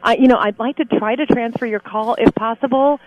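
Hotline operator, woman, quick and high, patient and polite on the phone. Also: steady tone, lo-fi sound. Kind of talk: phone help line call.

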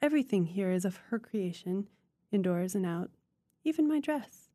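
Stately old lady laying down the law, read by a woman, mellow dry voice. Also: mid-range voice, expressive, moderate pace, no room sound, close to an everyday voice. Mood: grand. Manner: formal, pronouncing judgments. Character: elderly woman, grand and opinionated mother.

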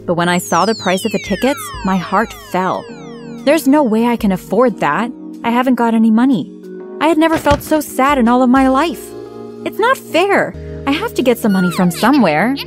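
A young woman narrating her own story in the first person, acting out her own lines with feeling. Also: on the high side. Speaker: narrator and lead character. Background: background music.

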